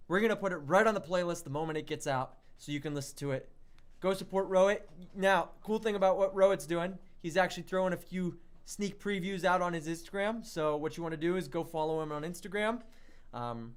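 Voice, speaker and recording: Excitable high-voiced young man hosting. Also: clean tone. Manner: excitable, chatty, reads out viewer chat. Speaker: online radio show host. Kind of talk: livestream hosting chat.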